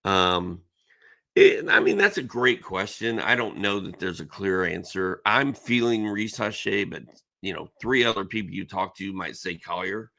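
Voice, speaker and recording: A man's voice: sits low, lively intonation, a little slow, gravelly, pushed and bright. A middle-aged man hosting a casual live-stream Q&A. He reads viewers' questions aloud, then gives blunt, emphatic advice. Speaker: fantasy basketball analyst hosting a live Q&A.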